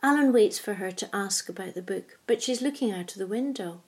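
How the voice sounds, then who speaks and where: Soft-spoken woman reading a story. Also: medium pitch, a little fast, slightly rough. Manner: soft, hushed narration. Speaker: narrator.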